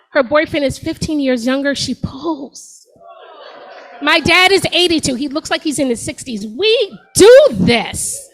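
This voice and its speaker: A woman's voice: sits high, a bit bright, poor audio. A woman in her forties doing a stand-up set on a comedy club stage, talking to the crowd in a sassy, conversational way. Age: 40s.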